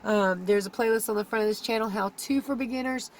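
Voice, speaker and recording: A woman's voice: mid-range voice, fast talker, a little hiss or hum. A woman, a keto vlogger pleading earnestly with viewers, close to tears. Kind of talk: emotional vlog talk to camera.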